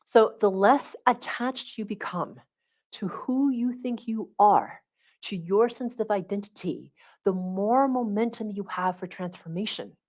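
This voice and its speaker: Middle-aged woman coaching her live viewers, lively and chatty, keeps asking "okay? right?". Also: mid-range voice, unhurried. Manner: animated, checks in with listeners often. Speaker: spiritual coach hosting a livestream. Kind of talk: casual teaching talk.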